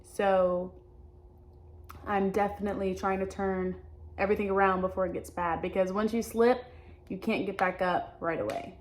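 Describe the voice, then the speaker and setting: A young adult woman talking openly in a personal vlog, halting and hesitant, often restarting her sentences. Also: medium pitch, fairly even intonation. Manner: earnest and open. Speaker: vlogger.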